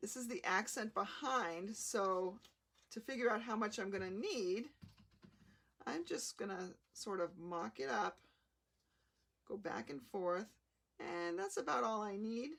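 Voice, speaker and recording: A woman hosting a live card-making demonstration, explaining each step in a chatty, unhurried way. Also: medium pitch, animated, gravelly, a bit bright. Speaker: craft demonstrator.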